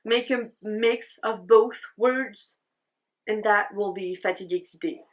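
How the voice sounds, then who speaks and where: A young woman with a French accent talks in an unhurried, easygoing way, rambling cheerfully and laughing at her own slips. She is a native French speaker and sounds a little tired. Her voice sits at an ordinary middle pitch. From France. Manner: chatty, rambling, laughs at herself. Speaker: knitting vlogger. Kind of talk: casual vlog chat.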